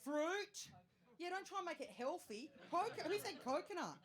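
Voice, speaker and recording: A woman in her thirties with an Australian accent, performing a stand-up comedy set, chatty and self-mocking with quick asides to the crowd. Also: very high voice, very animated. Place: comedy venue stage with live audience. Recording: live show with audience noise.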